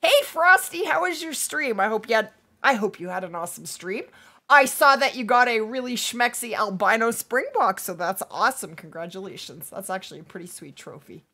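A woman streamer chats with her viewers while playing, upbeat and quick to laugh, her voice hoarse after a long week of streaming. Her tone is bright and crisp, and her pitch swings widely, jumping high when she gets excited and dropping low when she goes quiet to aim. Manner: upbeat, chatty, reads chat aloud, quick to laugh. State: losing her voice. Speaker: livestream gaming host. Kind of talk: casual livestream chat while playing.

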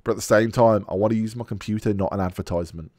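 A man's voice: fairly low pitch, racing, darkish tone, no room sound, studio quality. A man hosting a podcast in casual chat, ranting bluntly and swearing freely. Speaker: podcast host.

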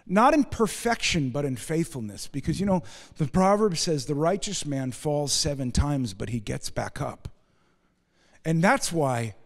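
A male pastor preaches with a high-pitched voice in a church sanctuary. He drives his points with loud, rising emphasis, then drops into quiet low asides and wry humor. A long reverb from the room trails each phrase. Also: big pitch swings, moderate pace, faint music behind. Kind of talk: sermon.

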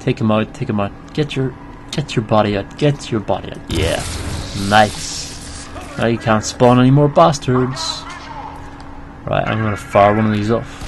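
Sweary young gamer, low and slow. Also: male voice. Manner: sweary, excitable, talks to enemies. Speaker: let's play gamer. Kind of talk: casual gameplay commentary. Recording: noisy home mic recording.

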